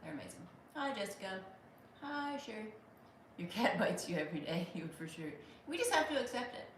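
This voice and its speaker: A woman's voice: medium pitch, very animated, a little fast, far from the mic, a little hiss or hum. An American woman in her thirties hosting a casual livestream, joking and thanking viewers by name in a wry tone. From United States. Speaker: livestream host reading viewer comments. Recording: roomy echo from off-mic.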